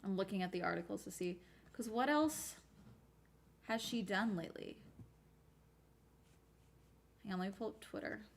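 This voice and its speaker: A young woman in a casual streaming chat who reads news snippets aloud and muses over them. She thinks out loud, trails off into filler sounds and keeps an easy conversational tone. Her voice sits in an ordinary middle pitch. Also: normal speed, gravelly, long pauses, slight background noise. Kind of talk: casual commentary while reading articles aloud.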